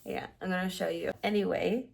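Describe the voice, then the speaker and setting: A woman in her thirties casually showing keepsakes to the camera, rambling with restarts and sounding nostalgic and softly sentimental. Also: fairly low pitch, steady tone, a little fast, vocal fry, slight background noise. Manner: softly sentimental, near tears at times; sleepy late-night talk. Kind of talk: casual show-and-tell chat.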